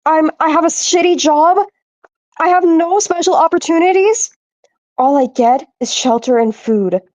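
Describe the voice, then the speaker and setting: A hopeless young servant girl, voiced by a woman, sighing through her words in a high voice. She speaks slowly and mournfully, recorded dry and close. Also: darkish tone, no echo. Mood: despairing.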